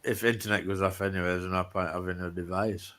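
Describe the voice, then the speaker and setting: A man's voice: deep voice, flat delivery, fast, fairly bright tone. An English man chatting casually on a livestream in a blunt, grumbling manner.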